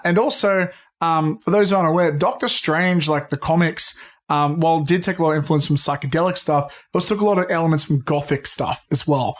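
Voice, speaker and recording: A man co-hosting a casual film podcast, excitable and swearing freely as he talks. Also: a little high. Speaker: podcast co-host. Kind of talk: casual pop-culture chat.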